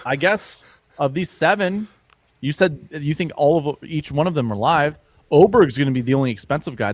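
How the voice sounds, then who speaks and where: A male podcast host who chats casually and rambles, cracking jokes and laughing often. His voice sits at an ordinary pitch and comes across very dry and close. There is no room sound around it. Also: dry recording. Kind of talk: casual chat.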